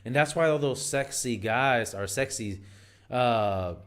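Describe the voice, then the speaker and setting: A man talks straight to camera, handing out dating advice in a loose, unscripted way. He is emphatic but keeps circling back and restarting his sentences. His pitch sits in a middle range. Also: slow pace, fairly bright tone. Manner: rambling and emphatic, frequent fillers and restarts. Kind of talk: casual advice monologue.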